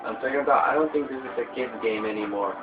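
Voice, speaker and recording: Excitable teenage boy gaming, tinny audio. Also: medium pitch, fast talker. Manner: excitable, yelling and swearing when frustrated. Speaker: gameplay commentator. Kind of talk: let's play commentary. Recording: tinny phone-like audio in an echoey room. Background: game music.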